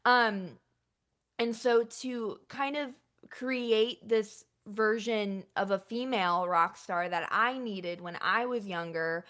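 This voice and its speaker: A young woman with a slightly high voice chats as an interview guest. She is effusive and emotional, her talk full of "like" and "you know.". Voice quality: chatty, lots of filler likes. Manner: effusive and emotional, pitch jumps up when excited. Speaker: guest musician. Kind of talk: casual interview.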